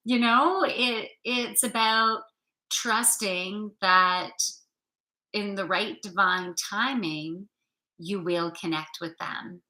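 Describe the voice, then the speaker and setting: A woman's voice: mid-range voice, pushed and bright, roomy sound, rough recording. A woman giving a chatty, upbeat weekly card reading, talking loosely and playfully. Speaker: spiritual card reader.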